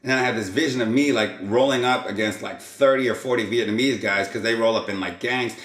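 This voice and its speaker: A man's voice: mid-range voice, fast, a bit bright, roomy sound. Rambling man telling a wild story. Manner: rambling, acts out quotes and sound effects. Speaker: vlog host. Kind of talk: casual storytelling.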